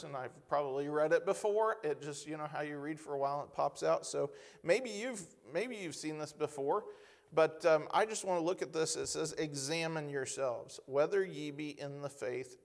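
Gravelly-voiced man preaching a sermon. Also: on the high side. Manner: conversational, peppered with rhetorical questions; reads scripture slowly with emphasis.

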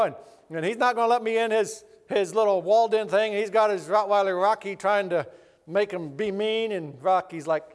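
Rambling middle-aged pastor, lively storyteller. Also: male voice, high-pitched. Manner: animated, acts out other people's voices; rambling, with many restarts. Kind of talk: personal anecdote storytelling. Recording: long hall reverb.

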